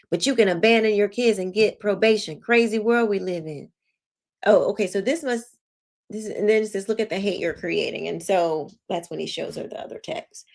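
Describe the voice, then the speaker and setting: A woman hosting her own commentary show, reading text messages aloud with sarcastic, incredulous asides. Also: mid-range voice. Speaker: show host.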